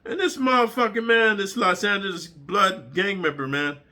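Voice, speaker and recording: Animated, bright-voiced profane male storyteller. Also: high voice, normal speed. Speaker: channel host telling prison stories. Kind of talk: storytelling monologue.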